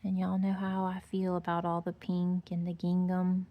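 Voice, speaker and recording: A woman's voice: on the low side, monotone, normal speed, highs cut off. A woman giving a chatty, gushing tour of her decorated porch, full of fillers and sweet little remarks. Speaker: home decor vlogger. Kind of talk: casual porch tour narration. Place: outdoor porch.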